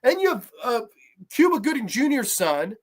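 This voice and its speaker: A woman's voice: fairly high pitch, big pitch swings, normal speed, slightly rough. Foul-mouthed woman in her thirties ranting. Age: 30s. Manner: foul-mouthed, sarcastic, swings from mutters to shouts. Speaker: horror movie reviewer, show host. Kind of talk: profane ranting movie review.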